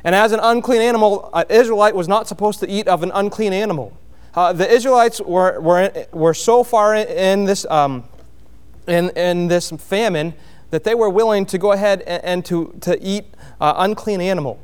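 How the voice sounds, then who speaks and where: A man preaching a sermon, explaining a Bible passage verse by verse in a plainspoken way, with frequent pauses and restarts. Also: sits high, smooth. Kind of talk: sermon, expository Bible teaching.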